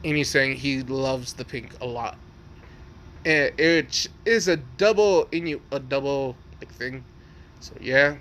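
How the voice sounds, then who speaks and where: Bright rambling young man, swearing freely. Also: medium pitch, slow pace. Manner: rambling, profane, full of likes and restarts. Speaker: storyteller. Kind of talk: casual improvised fan story telling.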